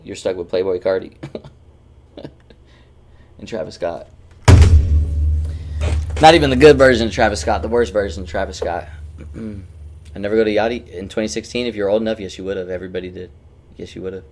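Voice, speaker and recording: A man's voice: low-pitched, fairly even intonation, fairly quick, long pauses, darkish tone, slight background noise. A man streaming a game, chatting casually and teasing his friends with loose, swearing banter. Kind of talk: casual gaming stream chat.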